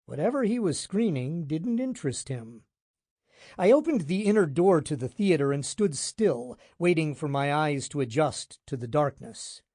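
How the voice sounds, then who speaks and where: A man narrating a hard-boiled detective audiobook in the first person, wry and deadpan. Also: fairly high pitch, normal speed, no room sound, clean studio sound.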